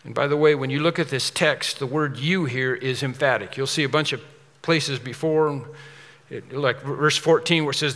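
Forceful, emphatic man preaching in a hall. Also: medium pitch, moderate pace. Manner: emphatic, repeats key words for stress. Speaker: pastor. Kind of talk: expository sermon.

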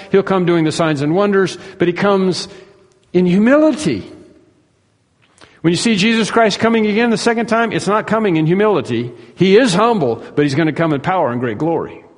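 Male pastor, emphatic sermon delivery, slightly high voice, reverberant hall. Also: fast, hardly any pauses. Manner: emphatic, swings between soaring and hushed.

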